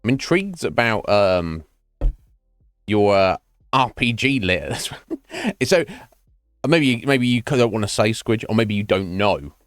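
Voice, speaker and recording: A man's voice: fairly low pitch, animated, takes it slowly, long pauses, dry recording, faint music behind. A man streaming live, chatting casually with his viewers in a rambling, self-mocking way and swearing freely.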